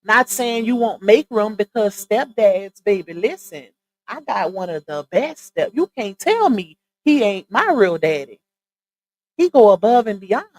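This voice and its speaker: A woman's voice: on the high side, rough recording. A woman speaking, hosting a live stream and giving casual, emphatic commentary to her viewers. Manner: chatty, emphatic, addresses viewers directly.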